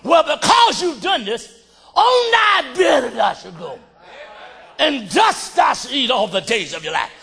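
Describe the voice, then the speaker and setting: A man voicing God as a calm, commanding male deity in a sermon, with shouted calls. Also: very high voice, measured pace, slightly rough, full character voice. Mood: stern.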